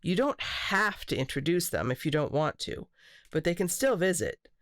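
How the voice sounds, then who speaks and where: A patient schoolteacher with a gentle, warm, teacherly way of talking, as a woman reads her. Her voice sits a little above the reader's low natural pitch, recorded dry and close. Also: big pitch swings, moderate pace, no room sound.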